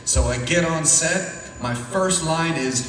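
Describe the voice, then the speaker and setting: A young man doing a self-deprecating stand-up comedy set with a deadpan delivery on stage. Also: fairly high pitch, takes it slowly, slight background noise. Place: stage in an echoey venue. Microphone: picked up from a distance. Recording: echoey hall from far off.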